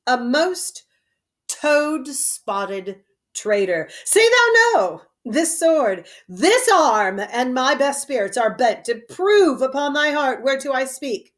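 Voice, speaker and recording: A woman reading the part of a vengeful young nobleman who challenges his treacherous brother, in a slow, declamatory verse reading. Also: sits high, sing-song, exaggerated voice. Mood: defiant. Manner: declamatory, deliberate.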